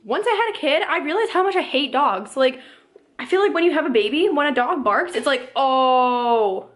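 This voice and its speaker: A woman in her twenties and a young mother, ranting casually to camera in a fast, rambling way full of "like". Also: sits high, lively intonation. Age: 20s.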